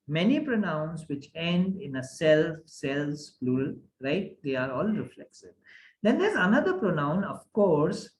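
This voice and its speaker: A man teaching a grammar class online, often checking that the class follows. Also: on the high side. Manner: animated, asks the class many checking questions. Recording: echoey room.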